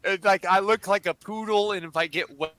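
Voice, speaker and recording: An American man in his forties, joking loudly and crudely in a casual stream chat. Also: sits high, a little fast, dry recording. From United States. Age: 40s. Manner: loud, crude joking banter. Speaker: stream guest.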